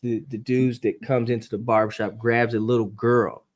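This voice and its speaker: A man telling a true story as a podcast guest, acting it out with sound effects and speeding up and rising in pitch when the tension builds. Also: moderate pace. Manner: animated storyteller, acts out voices and gunshots; speeds up and rises in pitch at tense moments.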